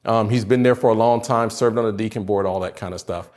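A young pastor with a lowish male voice delivers a relaxed sermon straight to camera for students. He talks like he's chatting with friends and tells stories with easy humor. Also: fast talker. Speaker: youth pastor. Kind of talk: casual sermon to students on video.

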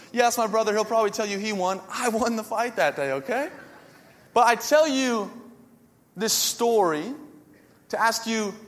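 A man preaching a sermon as a pastor, telling stories with lively, self-mocking humor. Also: high-pitched, big-room sound.

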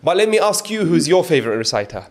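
A man's voice: on the high side, sing-song, fast talker, gravelly. A man hosting a podcast interview with a caller, often breaking into blessings and restarting his sentences. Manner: warm, repeats religious blessings, hesitant restarts. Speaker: podcast host.

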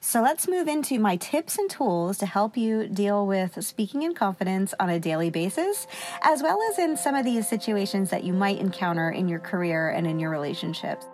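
A woman's voice: medium pitch, lively intonation, normal speed, a little mellow, a little hiss or hum. A woman hosting a solo podcast as a confidence coach, chatty and upbeat, laughing often and sometimes a little short of breath. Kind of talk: solo podcast advice talk.

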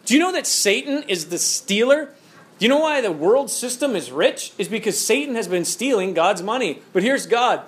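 A man preaching a lively sermon, full of rhetorical questions and told stories. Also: high-pitched, normal speed. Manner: animated, storytelling, rhetorical questions.

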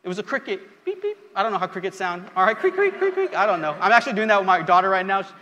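Fast and high-pitched, a male pastor's pushed, bright voice stays fairly even in intonation as he delivers an impassioned, repetitive sermon building to rising emphasis. The live-streamed service sounds lo-fi, with long hall reverb and faint music.

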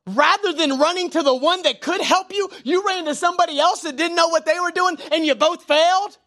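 Man, young adult, pastor, sermon, bright voice, loud to hushed swings, informal stories. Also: very high-pitched, brisk. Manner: swings between loud emphatic preaching and quiet prayerful asides; informal, tells jokes and personal stories.

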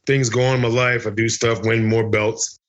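A man's voice: medium pitch, flat delivery, moderate pace. A man telling a fight story as an interview guest over a video call, profane and joking, acting out other people's lines. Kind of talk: animated storytelling.

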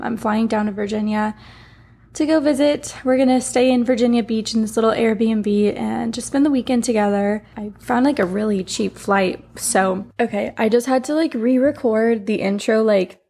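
At home, with a heater and humidifier running, a young woman who is a podcast host and life coach chats casually on her own show. Her slightly high, darkish voice is groggy and raspy from the morning, and she speaks candidly with plenty of fillers.

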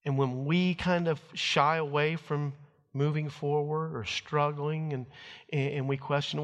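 A man's voice: a little high, level tone, unhurried, fairly bright tone, long reverb tail, highs cut off. A middle-aged man preaching to his church, telling a family story in a folksy way and acting out what people said. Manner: folksy storytelling, acts out quotes. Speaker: pastor. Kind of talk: sermon with personal stories.

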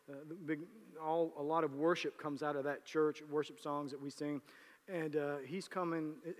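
A man leads his church as pastor, his voice sitting slightly high. He talks casually and jokes, then builds into emphatic preaching. The sound rings with the long echo of a large sanctuary. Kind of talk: sermon with church announcements. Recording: reverberant church hall.

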